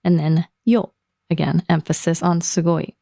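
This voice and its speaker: A Japanese-speaking woman teaching on a language lesson podcast, explaining words slowly and laughing often. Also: lowish voice, flat delivery, creaky, mellow, no echo, clean studio sound.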